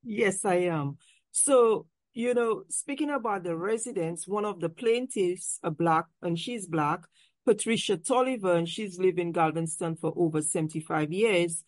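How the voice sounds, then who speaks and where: Woman interviewer, conversational, lowish voice, dry close sound. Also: a little slow, no echo. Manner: conversational, with frequent "you know". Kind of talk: interview questions.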